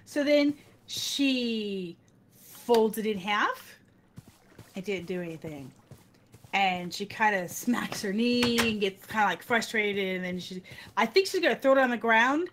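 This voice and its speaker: A woman hosting a game stream, telling a story in a casual, animated way and acting out other people's voices. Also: mid-range voice, unhurried, a little hiss or hum. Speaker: host.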